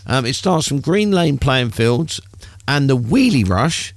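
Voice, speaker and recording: A middle-aged man hosts a local radio show, reading community listings between easygoing banter. His pitch moves a lot as he talks, with a wry, dry humour. The sound is close and dead, with no room echo. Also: very animated, measured pace. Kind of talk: casual radio chat with local announcements.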